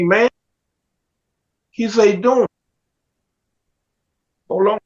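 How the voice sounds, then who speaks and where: A man telling his life story with animated storytelling, casually acting out the other people's voices with slang. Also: high voice, drawn-out words, long pauses. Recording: dull lo-fi sound.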